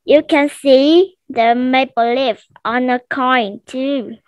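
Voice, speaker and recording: A woman student shyly reading a text aloud for a test over a headset, slow and halting. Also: high-pitched, clear, resonant tone, dry recording. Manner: shy, short answers, slow halting reading.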